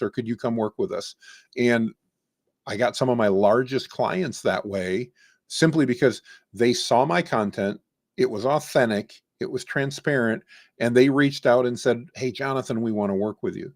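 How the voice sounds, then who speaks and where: Man, interview guest, dry close sound, animated storyteller. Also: mid-range voice, dry recording. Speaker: guest, AI trainer.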